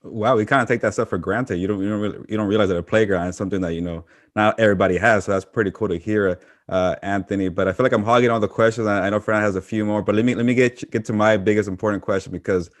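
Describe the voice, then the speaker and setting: A man's voice: fairly low pitch, steady tone, very fast, few pauses, no room sound. A man from Nayarit, Mexico, co-hosting a podcast and asking eager, chatty questions. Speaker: podcast co-host.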